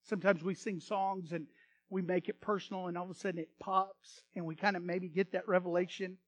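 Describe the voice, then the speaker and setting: High-voiced pastor preaching with swings in volume. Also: male voice, level tone, fairly quick. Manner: repeats words when starting phrases. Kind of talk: sermon.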